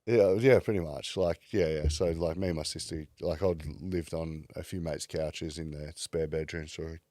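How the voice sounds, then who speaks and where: Deep-voiced man, candid and casual. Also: steady tone, normal speed, mellow, no echo, studio quality. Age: 30s. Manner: casual, swears freely, many "like" fillers. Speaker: podcast guest. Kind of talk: candid personal storytelling.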